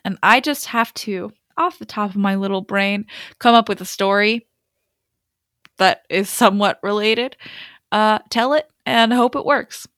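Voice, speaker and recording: A young adult woman co-hosting a podcast, telling a funny travel story in an animated, rambling way with lots of "like" fillers. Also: mid-range voice, no room sound, clean studio sound. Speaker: podcast co-host. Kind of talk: comedic storytelling.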